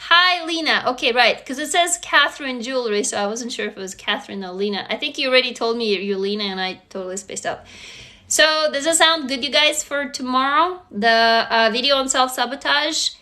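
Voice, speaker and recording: Hosting a casual livestream from her phone, a woman with a Russian accent chats with her viewers. Her voice is slightly high and very bright, she speaks freely and a little fast, and she swears now and then.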